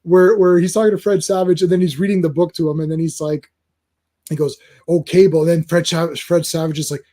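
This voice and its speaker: Excitable high-voiced man, mellow tone. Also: fairly quick. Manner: rambling, excitable, acts out movie scenes. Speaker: podcast host. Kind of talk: casual chat.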